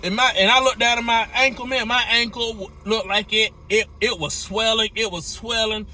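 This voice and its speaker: A man, a truck driver telling a story in a lively, repetitive way with folksy slang. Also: high voice, moderate pace. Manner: animated, repeats phrases, folksy slang. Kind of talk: storytelling to camera.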